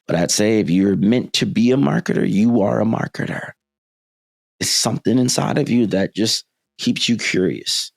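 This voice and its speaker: A man hosting a solo podcast, talking in emphatic lists and switching between fast and slow delivery. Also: sits low, creaky, dry recording. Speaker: podcast host.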